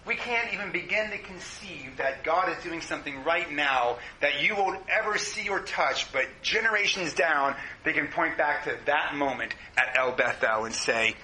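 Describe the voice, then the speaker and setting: A pastor delivers an impassioned sermon in a church hall, speaking directly to the congregation gathered there. His voice sits a little high with a sharp tone, and the roomy hall echoes around him over slight background noise.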